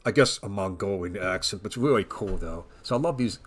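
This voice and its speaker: A man's voice: deep voice, expressive, brisk. A man casually chatting through a game walkthrough, rambling with frequent restarts. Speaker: gameplay commentator. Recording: voice over game music.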